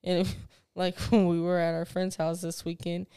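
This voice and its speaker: Gravelly-voiced woman telling candid stories. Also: lowish voice, completely flat delivery, moderate pace, dark tone, no room sound, clean studio sound. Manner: candid, profane, laughing storyteller. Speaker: podcast co-host. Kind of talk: casual chat.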